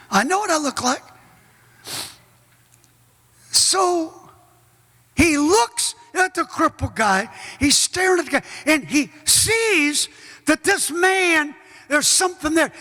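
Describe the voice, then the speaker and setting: A middle-aged man preaching a sermon as pastor, folksy and joking, bursting into shouts. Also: very high-pitched, very animated, slow pace, pauses often. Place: large church hall. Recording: echoey church hall.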